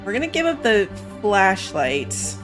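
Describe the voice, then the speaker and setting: A woman's voice: mid-range voice, big pitch swings, a little slow, music in the background. A tired woman with school-age kids, chatting casually while playing a game, rambling and yawning now and then. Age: adult with school-age kids. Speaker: gaming streamer. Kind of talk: casual let's-play commentary.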